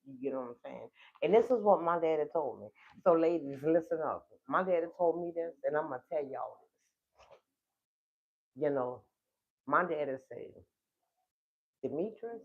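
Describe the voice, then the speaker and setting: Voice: mid-range voice, husky. New Orleans speaker on a tinny livestream. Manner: emotional, drawn-out, talks straight to the audience. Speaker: livestream host. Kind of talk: casual heartfelt storytelling to viewers. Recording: tinny phone-like livestream audio.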